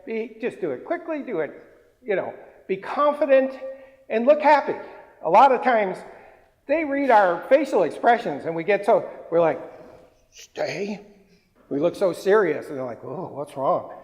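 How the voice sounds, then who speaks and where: A man's voice: high-pitched, very animated, moderate pace. A man dog trainer giving a hands-on lesson, mixing short firm commands with cooing praise for the dogs. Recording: long reverb, roomy hall.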